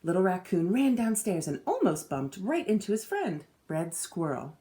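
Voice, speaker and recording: A woman teacher reading a children's storybook aloud with expressive storytelling. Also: fairly low pitch, moderate pace.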